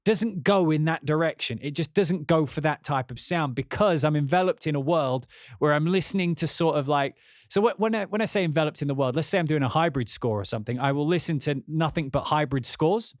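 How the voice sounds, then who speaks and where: A man's voice: on the high side, brisk, no echo, clean studio sound. An English man, a composer, chatting casually on a livestream in a rambling, profane way, often restarting his sentences.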